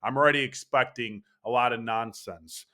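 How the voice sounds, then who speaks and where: A man's voice: medium pitch, moderate pace, bright, forceful tone. A young man hosting a casual sports opinion monologue, brash and profane, talking with hyped energy. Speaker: baseball channel host.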